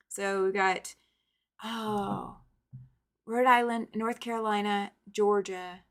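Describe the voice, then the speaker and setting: A woman from the American South hosts a quilting livestream, chatting casually in a loose, upbeat way at a middle pitch. She greets viewers by name as she goes.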